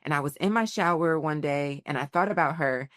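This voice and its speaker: A woman's voice: deep voice, a little fast, no room sound, studio quality. A woman in her forties, a podcast guest telling personal stories with lots of laughter and acted-out quotes. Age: 40s. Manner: animated storyteller, laughs often, acts out quotes. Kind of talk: casual storytelling interview.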